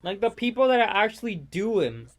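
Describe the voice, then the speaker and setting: A man's voice: sits high, sing-song, moderate pace. A man ranting casually and profanely over gameplay, rambling from one gripe to the next. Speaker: gaming vlogger.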